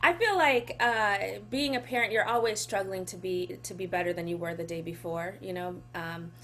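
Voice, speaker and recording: A woman's voice: mid-range voice, normal speed, slight background noise. A woman in her forties, an actress and poet, talking casually in an interview, laughing often and getting emotional about her children. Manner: warm, laughs often, emotional when speaking of her son. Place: home.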